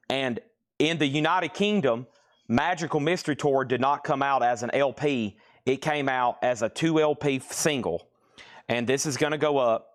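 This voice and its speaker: A man hosting a live-stream record sale from a record store. He calls out items and prices briskly and repeats the details. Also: medium pitch. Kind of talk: live-stream auction selling.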